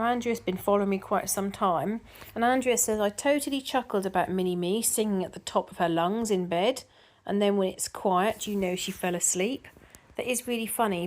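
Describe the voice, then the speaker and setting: A middle-aged woman chats to her viewers in an easy, rambling way, reading out their comments and answering them. She talks at an ordinary pitch, with plenty of ums and restarts. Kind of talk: casual chat to camera.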